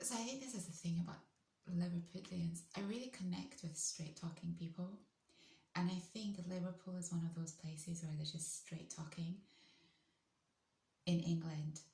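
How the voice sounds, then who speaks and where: Lady vlogger, half whispering, a bit of vocal fry, lowish voice. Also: moderate pace. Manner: often drops into a soft whisper; chatty, enthusiastic. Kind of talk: casual talk to camera. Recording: roomy echo.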